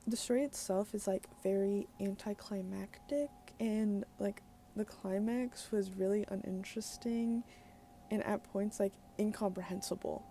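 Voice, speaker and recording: Chatty woman book vlogger, mellow voice. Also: medium pitch, measured pace, a little hiss or hum. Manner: chatty and candid, with frequent fillers and casual swearing. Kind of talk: casual daily book vlog.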